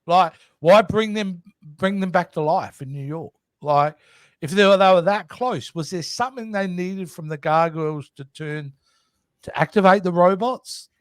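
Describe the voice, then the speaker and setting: A man's voice: sits high, moderate pace, no echo. A man co-hosting a podcast in casual chat, playful and full of questions. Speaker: podcast co-host.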